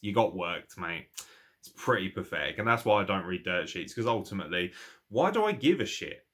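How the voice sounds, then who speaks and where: A man with an English accent and a somewhat low voice reviews a wrestling show off the cuff. He rants and swears freely, laughs often, and keeps his delivery animated. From England. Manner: ranting and profane, animated, quick to laugh. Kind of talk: casual spoken review.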